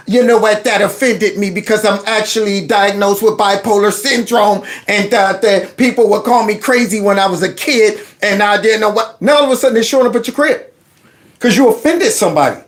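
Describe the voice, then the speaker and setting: A man's voice: high voice, fairly quick. Ranting man reacting to a news clip. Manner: incredulous, ranting, acts out quotes. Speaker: commentary channel host. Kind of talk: reaction commentary.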